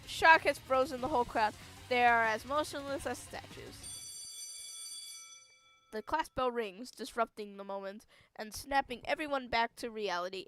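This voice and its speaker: A woman streamer playing a game on a close mic, reading the text aloud and reacting with loud exclamations. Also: on the high side, clean tone, no room sound, low-quality recording. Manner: animated, exclaims, laughs and wheezes at the game. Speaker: gaming streamer.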